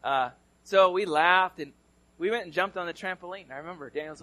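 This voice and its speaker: A male pastor from California preaching a sermon, telling a story conversationally and swinging between loud and hushed delivery. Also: high-pitched, brisk.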